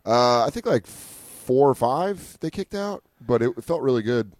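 A man's voice: mid-range voice, a little slow, no echo, studio quality. A man hosting a comedy podcast, telling profane road stories in casual chat and acting out what people said. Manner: profane, animated, acts out quotes.

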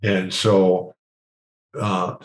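Older man telling a lively story. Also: sits low, extremely slow. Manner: animated, acts out the people in his stories. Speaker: guest. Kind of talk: storytelling in an interview. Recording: roomy echo.

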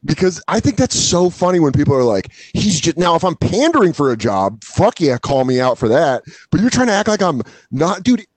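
A young man banters on a comedy podcast in a lively, swinging voice. He swears freely and slips into quoted voices. The sound is dry and close. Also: on the high side, fairly quick, hardly any pauses, no echo. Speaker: podcast co-host.

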